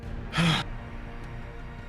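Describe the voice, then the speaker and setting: A man's voice: fairly bright tone, faint music behind. A man speaking hesitantly as a player at a tabletop game. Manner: halting, hesitant. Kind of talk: casual tabletop play.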